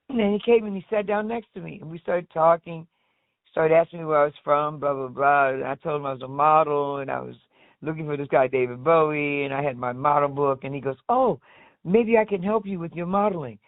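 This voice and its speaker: Woman, guest interview, lively storyteller, acts out quotes, thin phone-like sound, dry. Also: low-pitched, no echo. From United States. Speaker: guest, singer. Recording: tinny phone-like line, dry.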